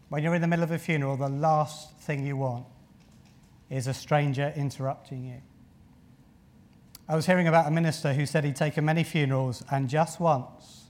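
A man preaching a sermon in an earnest way, often repeating phrases and using filler words. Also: a little high. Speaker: pastor.

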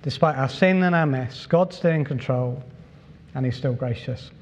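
A middle-aged man preaching a sermon as pastor, relaxed and conversational, with many fillers and repeats. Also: medium pitch, normal speed, highs cut off, a little hiss or hum. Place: church hall. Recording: long reverb from a large hall.

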